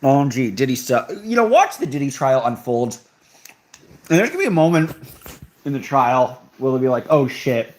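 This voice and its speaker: A young man hosting a casual live stream, riffing on viewer comments in an offhand, sarcastic way. His voice sits at a middle pitch but swings up and down a lot as he talks. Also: sing-song, normal speed. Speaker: livestream host reading chat. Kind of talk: casual livestream chat.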